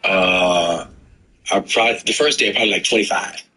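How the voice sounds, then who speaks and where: A bright-voiced middle-aged man spins a loose, profane story in casual podcast talk. He jumps into his old lines as he tells them, keeping things lively. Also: low-pitched, moderate pace. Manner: animated and profane, acting out his own past lines. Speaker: guest storyteller.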